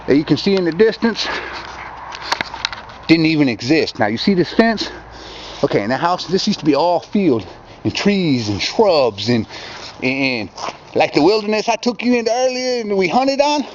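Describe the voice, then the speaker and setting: At dusk near a campfire and yard fence, a man from Michigan vlogs casually, rambling and ranting in an animated, slightly high voice. He keeps a moderate pace but takes long pauses. His handheld camera captures dull lo-fi audio, faint outdoor ambience, and a noisy background.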